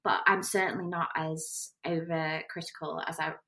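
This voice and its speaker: Bright-voiced woman in her thirties. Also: low-pitched, little pitch movement, moderate pace. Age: 30s. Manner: candid, chatty, laughs easily. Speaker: podcast co-host. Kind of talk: casual chat.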